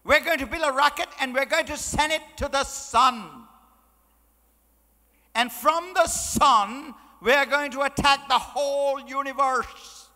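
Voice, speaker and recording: A man's voice: extremely high pitch, measured pace, bright, forceful tone, in a large hall, voice pushed up, exaggerated voice. A man voicing a dim but eager Irish man with a put-on Irish accent.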